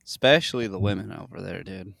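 A man's voice: low voice, fast, vocal fry, fairly bright tone, no echo, studio quality. A man hosting a podcast, chatting casually with crude, profane jokes and a lot of "dude".

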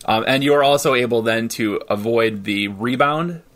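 A man running a tabletop game as game master, chatty and quick to laugh. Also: medium pitch, fairly bright tone. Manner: laughs often, loose and chatty.

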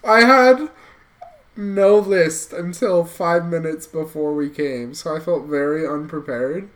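A woman co-hosting a podcast, chatting in a laid-back, unhurried way. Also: low-pitched. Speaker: podcast co-host. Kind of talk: casual podcast chat.

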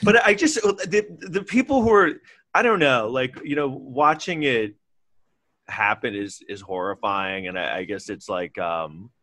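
A man's voice: medium pitch, unhurried, pushed and bright, no echo. A man in casual chat, ranting and swearing in exasperation.

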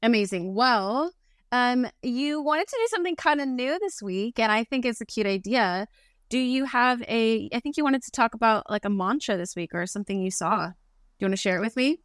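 A woman's voice: fairly high pitch, lively intonation, fairly quick, a bit bright, no echo, clean studio sound. Bubbly young woman podcast co-host. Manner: bubbly, chatty, heavy use of "like". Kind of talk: casual chat.

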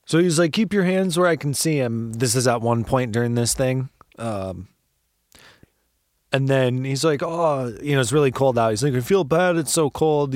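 A man's voice: mid-range voice, dry recording. Man, podcast host, casual storytelling, swears a lot, laughs often, dry close mic. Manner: profane, laughs often, acts out quotes.

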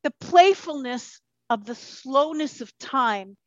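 A high-pitched woman chats as a podcast guest, lively and loose-tongued, swearing freely and slipping into voices she quotes. The sound is dry and a little dull. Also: takes it slowly, no echo. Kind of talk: casual interview chat.

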